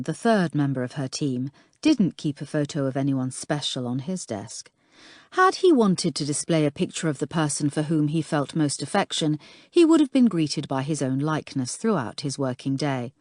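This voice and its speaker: A woman narrating a crime thriller audiobook in a steady, even reading voice. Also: low-pitched, no echo, studio quality.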